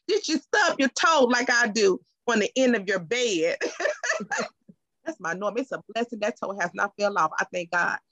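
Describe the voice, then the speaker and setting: Animated higher-voiced woman. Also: no room sound, rough recording. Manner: animated, laughs often, acts out quoted people. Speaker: teacher and guest. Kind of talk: conversational podcast talk.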